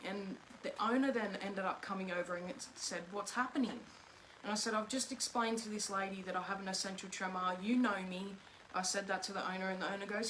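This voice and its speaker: A woman's voice: mid-range voice, steady tone, fairly quick, fairly bright tone, slight background noise, poor audio. A young woman, earnestly telling a personal story on a live chat and retelling the dialogue. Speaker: guest, host's daughter.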